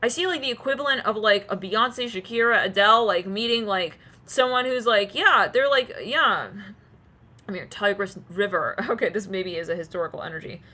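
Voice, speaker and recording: A woman's voice: medium pitch, moderate pace, sharp tone. A woman giving a casual tarot reading, rambling with many fillers and acting out quoted voices. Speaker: tarot reader.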